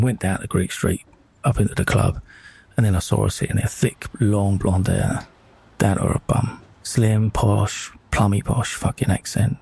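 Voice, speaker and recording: A man's voice: on the low side, gravelly, a little mellow, slightly rough. A man telling his own story off the cuff, blunt and profane, often stopping to correct himself. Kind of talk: unscripted storytelling monologue.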